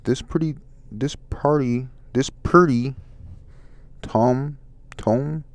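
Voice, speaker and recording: A man in a soft-spoken ASMR comic review, reading haltingly, stumbling over words and apologizing. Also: mid-range voice, no echo. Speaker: ASMR manga reader.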